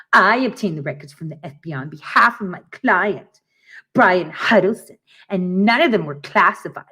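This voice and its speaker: A sneering, pompous lawyer, put on by a woman who drops her voice low to mock him. The delivery is stiff and self-important, every word dripping with disdain. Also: a bit bright, slightly rough. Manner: mocking, disgusted, low put-on voice.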